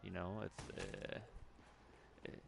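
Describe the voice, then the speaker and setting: A man's voice: slow pace, a little hiss or hum. A man giving casual, rambling commentary while playing a video game, with lots of fillers and restarts and the odd curse when he loses his train of thought. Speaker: gaming commentator.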